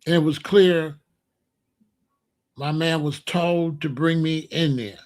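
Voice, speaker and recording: A man's voice: a little high, fairly even intonation, slow, a little mellow. A man telling a street story in a repetitive, emphatic monologue. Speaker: podcast host.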